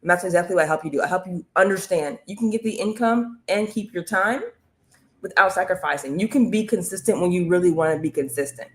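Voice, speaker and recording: Energetic female host for a live motivational stream; repeats calls for comments, coaching tone. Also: fairly low pitch, fast. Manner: energetic, repetitive, keeps asking viewers to comment. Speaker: online business coach hosting a live stream.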